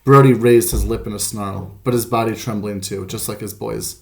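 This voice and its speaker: A man reading a children's storybook aloud as the narrator, in a measured, gentle way. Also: on the low side, fairly even intonation, vocal fry. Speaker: audiobook narrator. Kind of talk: scripted narration.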